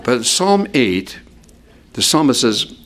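A man preaching a sermon with a lively, swooping delivery that climbs high when he stresses a point. He talks his listeners through scripture like a teacher, dropping in casual asides along the way. His voice sits at an ordinary middle pitch. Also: slow pace, slight background noise. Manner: conversational, explains scripture with asides; animated, sweeping pitch for emphasis. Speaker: pastor. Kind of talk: expository sermon.

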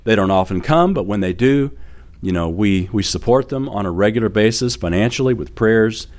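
A middle-aged pastor delivers a sermon in a relaxed, conversational way. He tells stories with everyday fillers and light laughter. His voice sits a little low. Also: normal speed.

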